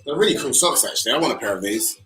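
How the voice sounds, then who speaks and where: Brief: male co-host, mid-pitched, upbeat and reassuring, recorded in an echoey room. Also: animated, racing, sharp tone, soft background music. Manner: upbeat, prompting and reassuring viewers. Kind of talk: live painting class co-hosting.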